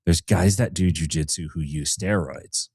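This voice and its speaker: Lowish guy coach on a podcast, dry sound, jokey and laid back. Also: moderate pace, darkish tone, breathy edge, no room sound. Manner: wry, joking, laughs while talking. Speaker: podcast co-host and jiu-jitsu coach. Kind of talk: casual podcast chat.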